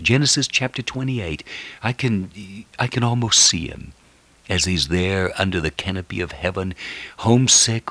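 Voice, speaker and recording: A man's voice: sits low, bright, forceful tone, no echo. A man preaching a sermon, retelling Bible stories dramatically and dropping to near-whispers between emphatic lines.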